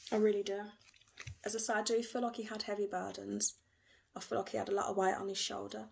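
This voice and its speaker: A woman giving an emotional, gentle tarot reading, repeating herself often. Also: mid-range voice, little pitch movement, quick pace, creaky. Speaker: tarot reader.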